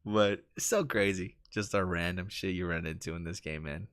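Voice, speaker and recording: Brief: very low-pitched man, laid-back slangy host, dry close sound. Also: steady tone, moderate pace, a bit bright, clear, resonant tone, dry recording. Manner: laid-back, slangy, says "dude" a lot. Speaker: podcast host. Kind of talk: casual chat.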